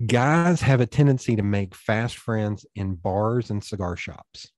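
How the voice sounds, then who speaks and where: Mellow man telling stories. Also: fairly low pitch, expressive, a little slow, no echo. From East Tennessee, USA. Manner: rambling, anecdotal, acts out quoted dialogue. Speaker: podcast guest. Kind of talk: casual storytelling conversation.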